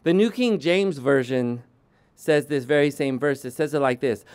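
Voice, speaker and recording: A man preaching a sermon as pastor, slow and deliberate, often restarting his sentences. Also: mid-range voice, darkish tone, clear, resonant tone, no room sound.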